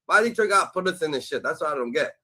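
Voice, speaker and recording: A young man streaming a live reaction, talking loud and mocking, cursing and repeating catchphrases. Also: a little high, lively intonation, very fast, rough recording. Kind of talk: animated live reaction commentary.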